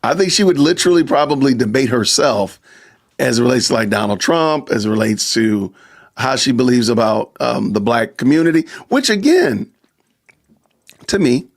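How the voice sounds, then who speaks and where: A man's voice: mid-range voice, sing-song, moderate pace. A man hosting a casual live-stream podcast, chatty, reading viewer comments aloud. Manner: chatty, reads viewer super chats aloud, frequent laughs and asides. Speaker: podcast host.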